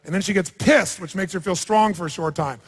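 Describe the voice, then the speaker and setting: A man's voice: sits high, brisk, slightly rough. A man leading a live seminar, coaching a participant in front of an audience with a blunt, provocative manner and free swearing. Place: large hall with audience. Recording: long hall reverb.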